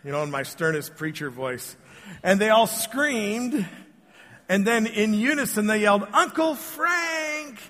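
Male pastor, fairly high voice, casual storytelling sermon, joking asides to the pews, long church reverb. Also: a little slow, fairly bright tone. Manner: casual, joking, addresses the congregation directly. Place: church sanctuary.

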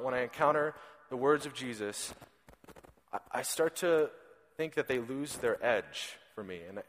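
A man's voice: a little high, fairly bright tone. A man in his thirties preaching a sermon in a conversational storytelling way, often repeating a word as he starts a sentence. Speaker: pastor. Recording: reverberant hall.

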